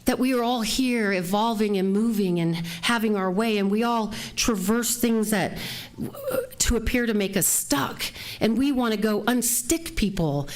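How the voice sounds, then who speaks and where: A woman's voice: a little high, normal speed. Woman minister giving a sermon. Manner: warm, conversational, laughs often. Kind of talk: sermon with a personal story. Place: church sanctuary.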